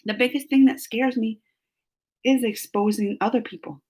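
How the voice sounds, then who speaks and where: A woman's voice: on the high side, steady tone, normal speed, a little mellow. A married woman hosting a reaction stream, chatting to her viewers, emotional and teary, laughing between worries. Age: adult, married with family. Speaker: reaction channel host reading live chat. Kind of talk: casual emotional chat with viewers.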